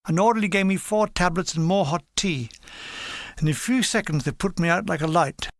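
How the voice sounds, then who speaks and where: Man, audiobook reader, high voice, gravelly, understated, dry close sound. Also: normal speed, no room sound. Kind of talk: audiobook reading of a war memoir.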